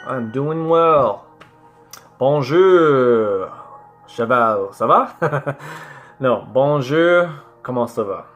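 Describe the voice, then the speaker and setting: A man's voice: mid-range voice, animated, music in the background. A man giving casual, playful commentary as he works through language app lessons, laughing at himself and sounding out French words. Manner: reads French words aloud slowly. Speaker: language learner vlogger.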